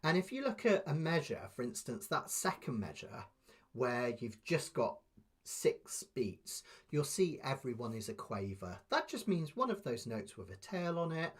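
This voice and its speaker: A man teaching a live online ukulele lesson, patiently explaining step by step and counting beats aloud softly. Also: mid-range voice, sing-song, a little slow, breathy edge.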